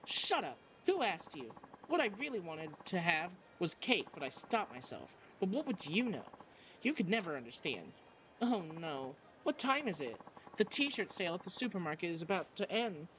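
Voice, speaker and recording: A man's voice: high-pitched, big pitch swings, moderate pace, a bit bright, slight background noise, low-quality recording. A man reading a game aloud, voicing a vain young female idol rival with a haughty, taunting manner. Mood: petulant. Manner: haughty, taunting, self-important. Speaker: let's play narrator.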